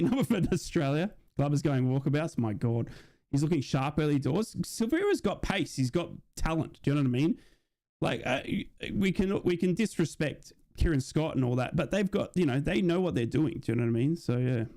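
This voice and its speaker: A man's voice: on the high side, expressive, fairly quick, warm tone. A man streaming a live football watch-along, chatting casually, reading out viewers' messages and often asking "do you know what I mean".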